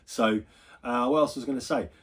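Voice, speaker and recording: A man's voice: medium pitch, brisk, slightly rough. A man chatting casually, swearing freely and wandering into asides as he tells a story on his gaming vlog. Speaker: gaming YouTuber.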